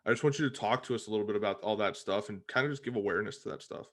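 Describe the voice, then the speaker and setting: A man hosting a podcast, asking a guest questions in a relaxed, conversational way. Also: lowish voice, rapid-fire. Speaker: podcast host. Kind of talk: casual interview questions.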